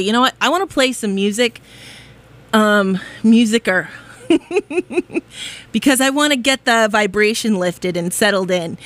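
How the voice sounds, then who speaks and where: A woman hosting a college radio show, giddy and exuberant, laughing often and whooping in a studio. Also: mid-range voice. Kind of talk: bubbly radio chat.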